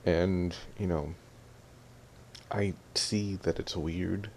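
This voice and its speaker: A man's voice: sits low, steady tone, extremely slow, a little mellow, a little hiss or hum. A young man ranting in an audio vlog, annoyed and mimicking his family as he tells what happened. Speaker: vlogger.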